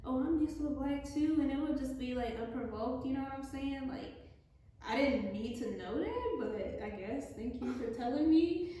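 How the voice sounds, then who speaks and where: High-voiced young woman, blunt chat. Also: lively intonation, normal speed, mellow, distant mic, slight background noise. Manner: candid, laughing, blunt. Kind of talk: casual chat. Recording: echoey room, away from mic.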